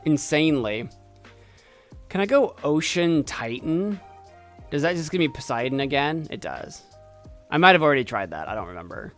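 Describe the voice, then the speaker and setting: A man streaming a game, chatting playfully and excitedly as he thinks aloud. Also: a little high, normal speed, long pauses, faint music behind. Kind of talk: casual gameplay commentary.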